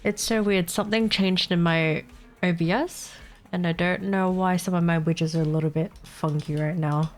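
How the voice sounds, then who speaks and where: Young woman streamer, bit stuffy nose, lowish voice, swears a lot, faint music behind. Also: steady tone, normal speed. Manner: chatty, irritated, swears casually. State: a little congested. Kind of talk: casual live-stream chat.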